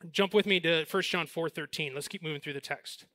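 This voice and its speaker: Pastor, man in his 40s, lively storyteller, high bright voice, dry sound. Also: no room sound. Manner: animated storytelling, then slows and softens for the message. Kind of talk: sermon.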